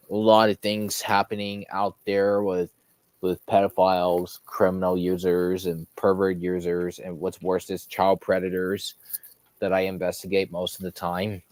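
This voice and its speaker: Slow, low-voiced man talking gently. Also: dry recording. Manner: slow and reassuring, with fillers and restarts.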